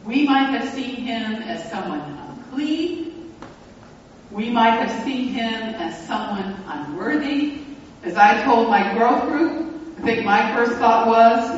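A pastor telling a story in a sermon, speaking reflectively and slowing down for emphasis. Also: medium pitch, lively intonation, slight background noise. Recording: echoey hall, distant mic, dull sound.

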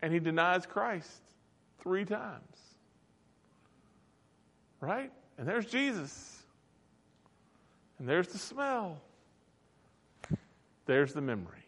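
High-voiced guy preaching, cracking jokes, big echoey hall. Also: big pitch swings, drawn-out words, long pauses, a bit bright. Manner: jokey, playful asides, acts out quotes. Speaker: pastor. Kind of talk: humorous sermon storytelling. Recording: reverberant hall recording.

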